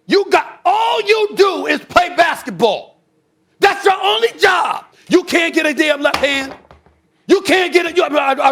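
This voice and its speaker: A man hosting a sports debate show, talking. His voice sits very high for a man, and he rants with real heat, breaking into shouts. The delivery is animated and emphatic throughout. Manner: loud, animated ranting with shouted bursts. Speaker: sports talk show host. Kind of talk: heated sports commentary.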